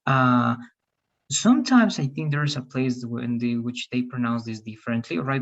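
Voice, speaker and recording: A teacher giving feedback and pronunciation drills in an online English class, patiently repeating words slowly. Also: mid-range voice, big pitch swings, lo-fi sound.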